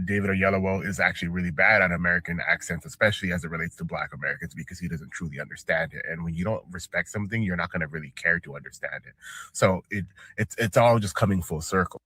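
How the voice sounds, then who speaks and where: A man giving measured, explanatory commentary that lays out his reasoning step by step. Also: low-pitched, steady tone, bright, forceful tone, slightly rough. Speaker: social media commentator. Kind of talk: analytical commentary.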